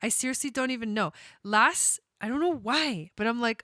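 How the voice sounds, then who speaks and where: A woman's voice: on the high side, normal speed, hardly any pauses, fairly bright tone, no room sound, studio quality. A young woman chatting casually on a live stream, bubbly and prone to tangents, laughing often while giving astrology readings.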